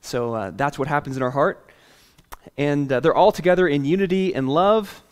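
A male pastor preaching a sermon with a voice that sits a little high. He tells a story in a lively, playful way and chuckles along, then eases into a softer, earnest tone to make his point. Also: normal speed, clear, resonant tone.

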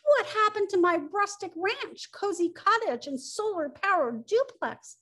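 A woman voicing an excitable male woodpecker who exclaims in a high voice. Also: normal speed, husky. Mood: alarmed. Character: fussy male woodpecker, a carpenter bird.

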